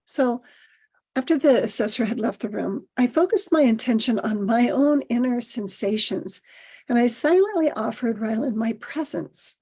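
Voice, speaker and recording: A middle-aged woman hosting a podcast, reading a personal essay aloud in a gentle, measured storytelling manner. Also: fairly high pitch, animated, breathy edge. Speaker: podcast host.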